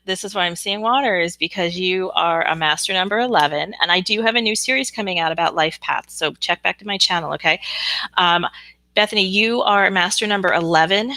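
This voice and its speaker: A woman with a lowish, bright voice talks casually on a live stream as a psychic reader. She is chatty and frank and answers viewers' comments with plenty of ums. The sound is close and dry. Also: no echo.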